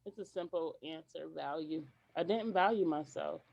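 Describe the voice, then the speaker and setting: A woman guest on a podcast, telling stories in an animated way and acting out what people said, with some hesitant restarts. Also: low voice, normal speed, gravelly, dull audio. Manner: animated, acts out quoted dialogue. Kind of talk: podcast interview storytelling.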